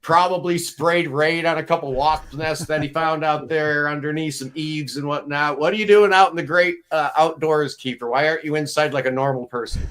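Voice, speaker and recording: Higher-voiced chatty male host. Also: moderate pace, fairly bright tone, clear, resonant tone. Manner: chatty, teasing, upbeat. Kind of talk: casual live-stream panel chat.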